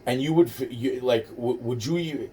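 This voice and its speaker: A man's voice: medium pitch, normal speed, warm tone. A man casually telling a personal story, rambling and profane, with many restarts and fillers. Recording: distant mic with faint noise.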